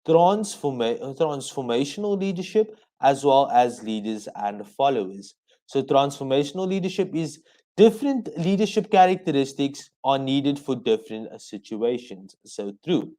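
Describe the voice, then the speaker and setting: On the radio, a South African man teaches an exam revision lesson, going slowly point by point so students can take notes. His voice is medium-pitched and dark, and the recording is low quality.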